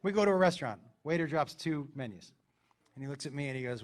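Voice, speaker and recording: A man's voice: medium pitch, rapid-fire. A middle-aged man doing stand-up, telling a story and acting out the people in it, on a comedy club stage. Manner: animated, acts out characters in the story.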